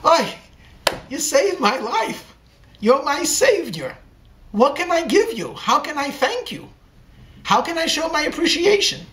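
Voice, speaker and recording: A young girl's voice, pitched high and gushing, with breathless cries and rushed thanks, put on by a man telling a story in a sermon. The whole thing is pushed far above his usual speaking range. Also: sing-song, fairly bright tone, echoey room, slight background noise, heavily acted. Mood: gushing gratitude. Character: frightened young girl, later grateful and earnest.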